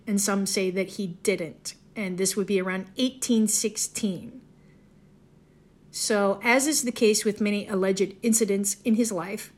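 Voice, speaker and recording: A woman from the Ozarks, chatting casually in a digressive monologue and correcting herself as she goes. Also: mid-range voice. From Southwest Missouri, Ozarks. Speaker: folklore podcaster.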